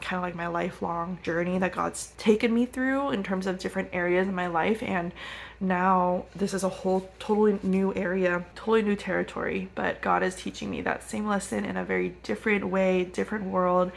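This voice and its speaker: A woman's voice: medium pitch, vocal fry. A young woman, a first-time mom, talking candidly and emotionally in a personal vlog, teary at times, with lots of "like" fillers. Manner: reflective, emotional, frequent "like" fillers.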